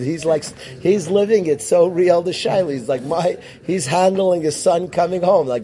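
Man lecturing a classroom, higher voice, mellow tone, animated, calls on students. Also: moderate pace. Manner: mixes Hebrew and Yiddish terms into English. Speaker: yeshiva teacher.

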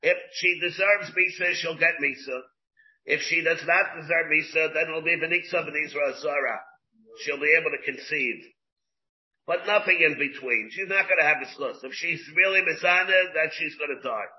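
Man, rabbi teaching Talmud, slightly high voice, explains step by step with restarts. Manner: explains slowly, mixes Hebrew and Aramaic terms into English, many restarts. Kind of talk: Talmud class lecture. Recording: dull lo-fi class recording.

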